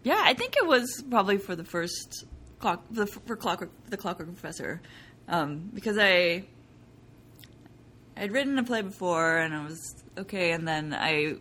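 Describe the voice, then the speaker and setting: A young adult woman playwright talking casually in an interview, animated and laughing often as she acts out what people said. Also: fairly low pitch, normal speed, a little hiss or hum. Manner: animated, laughing, quotes people in bright voices. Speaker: playwright guest.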